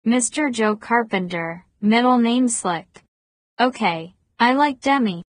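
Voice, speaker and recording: A woman voicing a teasing Deep South woman with a smoky voice in an audiobook, speaking slowly. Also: no room sound.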